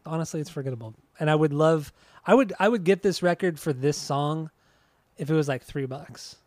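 A man's voice: a little high, brisk, a little mellow, no echo. A young man co-hosting a casual chat, teasing his friend, laughing often and swearing casually. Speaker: podcast co-host.

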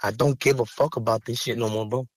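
A man's voice: mid-range voice, steady tone, quick pace, breathy edge, no room sound. Podcast guest: man, heated and profane, dry close studio sound. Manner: raw, angry, profane, rising to heated outbursts. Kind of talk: emotional interview talk.

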